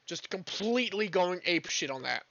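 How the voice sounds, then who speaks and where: Male streamer, casual, swears a lot, drifts off mid-sentence, higher voice, muffled cheap-mic sound. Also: lively intonation, moderate pace, creaky, fairly bright tone, slight background noise. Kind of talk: casual rant while gaming.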